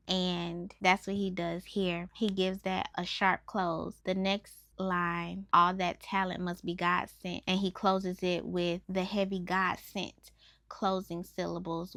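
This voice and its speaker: Host, young woman, lowish gravelly voice, eager teacher explaining verse, dry close recording. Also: dry recording. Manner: enthusiastic, teacherly, explains step by step. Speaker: host breaking down rap lyrics. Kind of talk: explanatory video lesson.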